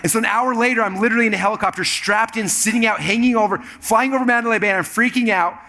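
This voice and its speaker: Fast, bright-voiced man telling a story. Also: high voice. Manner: animated, acts out quoted dialogue in shifting voices. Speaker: keynote speaker. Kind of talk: energetic stage storytelling. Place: live event stage with audience.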